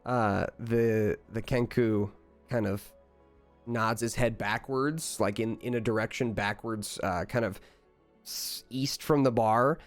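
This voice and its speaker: A man running a tabletop game as game master, narrating in a relaxed, halting way with many fillers. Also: on the low side, soft background music.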